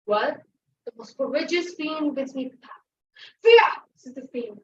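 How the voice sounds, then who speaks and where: Teen girl doing a shakespeare monologue, high voice, sounds far off and muffled in an echoey room. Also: animated, unhurried. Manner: dramatic, switches between loud and hushed voices. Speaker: student monologue performer. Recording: echoey, dull lo-fi, far from the mic.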